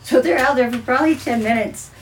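A woman's voice: high-pitched, fast, slight background noise. An older woman, a grandmother, telling a family story in casual chat and acting out the voices. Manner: animated, acts out voices in her stories.

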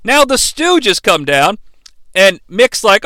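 Jokey male podcast host, very animated delivery, clean dry sound. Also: sits high, slow pace, dry recording. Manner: sarcastic, jokey. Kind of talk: comedic wrestling match recap.

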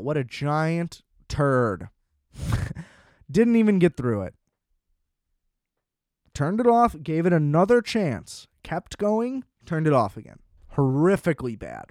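A man's voice: fairly high pitch, very animated, measured pace, long pauses, darkish tone, no echo, studio quality. A man in his twenties giving a casual, sarcastic movie review, scoffing and swearing freely as he rants. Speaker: film reviewer.

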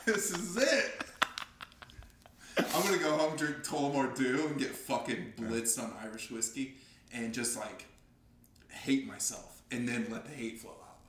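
A man's voice: medium pitch, a little slow, a bit bright, roomy sound, slight background noise. A young man in casual podcast chat, joking, swearing a lot and laughing often.

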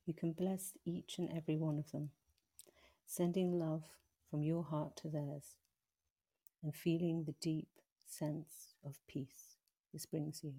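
A woman guiding a slow, soothing meditation, later speaking as a guest in an interview. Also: sits low, flat delivery, warm tone, breathy edge. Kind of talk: guided meditation then interview.

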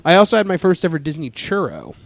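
A man's voice: a little high, wildly swooping pitch, fast talker, vocal fry, no echo. A man hosting a casual podcast, chatting in a rambling way with lots of fillers. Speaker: podcast host. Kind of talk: casual chat.

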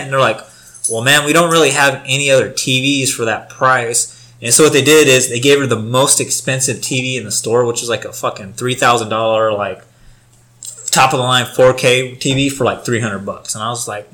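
A man's voice: mid-range voice, a little fast, bright, forceful tone. A young man telling a rambling, profane story in casual chat, full of filler words.

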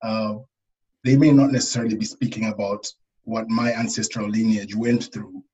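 A middle-aged man from Africa speaking thoughtfully in a panel discussion, pausing with fillers. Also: lowish voice, fairly even intonation, mellow, rough recording. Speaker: panel guest. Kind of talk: casual discussion.

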